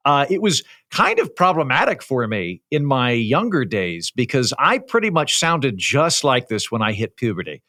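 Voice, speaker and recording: Bright-voiced man with radio-ready diction. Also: mid-range voice, very animated, moderate pace, few pauses. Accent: light Oklahoma American. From Oklahoma, USA. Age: 30s. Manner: formal, authoritative radio-style diction, wry storytelling. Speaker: comedian and podcast guest. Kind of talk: casual chat.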